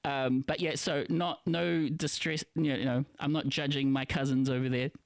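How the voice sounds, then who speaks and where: A man's voice: medium pitch, level tone, moderate pace, gravelly, dry recording. A man from the Philippines with a New Zealand accent, hosting a live internet radio show in a rambling, self-interrupting, conspiratorial way. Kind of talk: casual live-stream monologue.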